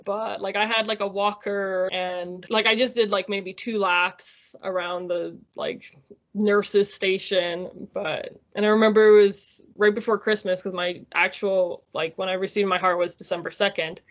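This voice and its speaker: A woman's voice: medium pitch, fairly even intonation, measured pace, highs cut off. A woman in her thirties telling her own story in a casual, chatty way, with many fillers and easy laughs. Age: 30s. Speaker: interviewee.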